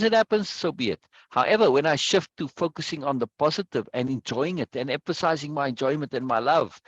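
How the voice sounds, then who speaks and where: A man talks through ideas in a reflective, explanatory teaching style, steadily checking that his listener follows. His voice sits at a middle pitch. The recording is dull and slightly lo-fi, and the room sounds dry with no echo. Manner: explanatory, often checking in with "right?". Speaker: discussion leader.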